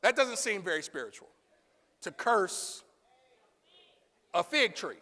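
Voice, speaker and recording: A man preaching a sermon as pastor, calling on the congregation to answer back and building up to shouts. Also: high-pitched, big pitch swings, unhurried, long pauses, in a large hall. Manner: call-and-response preaching, rising to shouts. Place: church sanctuary.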